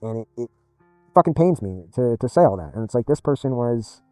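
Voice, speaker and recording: Mellow-voiced man, blunt and profane. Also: medium pitch, animated, brisk, no echo, faint music behind. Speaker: gaming video creator. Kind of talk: casual spoken storytelling.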